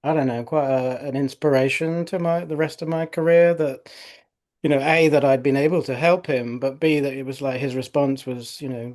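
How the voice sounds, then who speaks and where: A middle-aged male osteopath recounting patient cases in a relaxed podcast conversation, full of fillers like "you know". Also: mid-range voice, moderate pace. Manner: conversational storytelling with frequent fillers.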